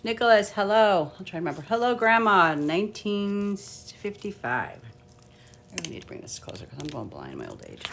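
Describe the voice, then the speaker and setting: A middle-aged woman reads tarot cards on a live stream, chatting casually, greeting viewers by name and muttering asides to herself. Her medium-pitched voice has a sing-song lilt and a fairly bright tone at a moderate pace. There's slight background noise.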